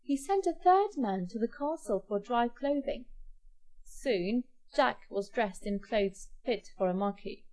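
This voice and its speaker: A woman narrating a children's fairy tale in an expressive, clear storybook style. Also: on the high side, a little slow.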